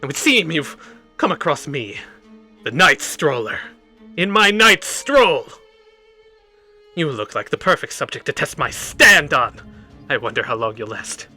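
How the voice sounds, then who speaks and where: A boastful, theatrical villain, as a game master puts him on, gloating with a very bright, piercing tone. The voice sits fairly high and swoops around with lively pitch. He chuckles at his own grand lines. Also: measured pace, pauses often, soft background music, full character voice.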